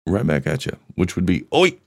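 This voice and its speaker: A man's voice: a bass voice, expressive, normal speed, gravelly, darkish tone, no room sound, studio quality. A man hosting a podcast, joking crudely and chatting casually as he plays voicemails. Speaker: podcast host. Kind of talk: casual banter reading voicemails.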